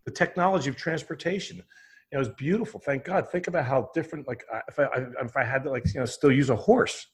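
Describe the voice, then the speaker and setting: A man's voice: mid-range voice, fast. A man explaining a mindset method in an emphatic, conversational way, often acting out his own inner voice and checking in with "right?". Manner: emphatic, repetitive, acts out his own thoughts in quotes; frequent restarts and "right?" tags.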